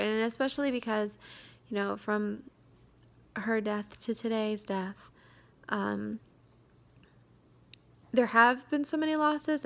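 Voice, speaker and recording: A young woman vlogging in a quiet, hesitant way, tired and drained, with many fillers and sudden drops into a whisper. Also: mid-range voice, gravelly. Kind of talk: confessional vlog.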